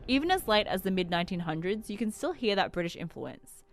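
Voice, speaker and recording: A woman reading scripted narration for an explainer video in an even, informative way. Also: mid-range voice, fast talker, soft background music.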